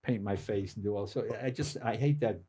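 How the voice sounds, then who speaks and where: An older man, a comedian guest, telling casual anecdotes with quick asides and acted-out quotes. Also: on the low side, dark tone, husky. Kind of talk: casual storytelling.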